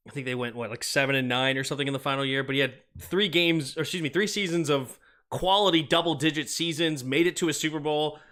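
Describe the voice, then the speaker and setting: A man's voice: fairly high pitch, steady tone, fast, fairly bright tone. A man hosting a live stream, calling football plays in short bursts and chatting about viewer comments. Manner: reads viewer comments aloud and answers them; calls plays in short clipped phrases. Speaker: livestream sports host. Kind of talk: live play-by-play and chat reading.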